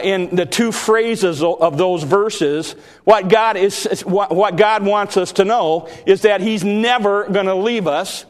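A man with a high voice delivers an earnest sermon from the pulpit, circling back and repeating himself as he builds his points. His words ring out in the long reverb of a church hall. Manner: earnest preaching with repetitions and restarts. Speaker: preacher.

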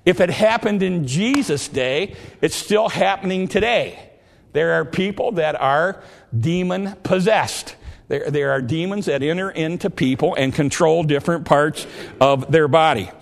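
A man's voice: a little high, measured pace, creaky, in a large hall. A man preaching a sermon in an earnest, plain way, often repeating and restarting his words.

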